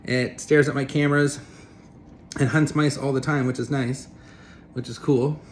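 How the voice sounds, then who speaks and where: A man's voice: medium pitch, level tone, normal speed, a little hiss or hum. Rambling, blunt man ranting casually. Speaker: vlogger. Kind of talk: casual opinion rant to camera.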